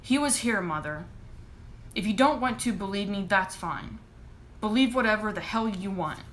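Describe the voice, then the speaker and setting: A woman's voice: mid-range voice, lively intonation, moderate pace, slight background noise, natural voice. A woman voicing a frantic, defiant teenage girl. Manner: pleading and shouting.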